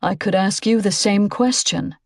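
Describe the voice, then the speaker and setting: A woman's voice: mid-range voice, normal speed, dry recording, clean studio sound, lightly acted. Woman reading a solemn guarded teen boy.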